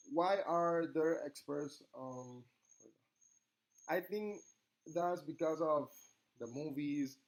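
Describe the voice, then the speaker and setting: A young man with a Spanish accent, a native Spanish speaker from Latin America, giving an earnest, halting class presentation as a student. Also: fairly high pitch, poor audio. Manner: earnest, halting, reads questions aloud.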